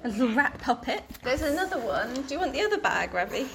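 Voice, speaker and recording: A woman talking in casual conversation outdoors, animated and questioning. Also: sits high, fast, vocal fry, heavy background noise.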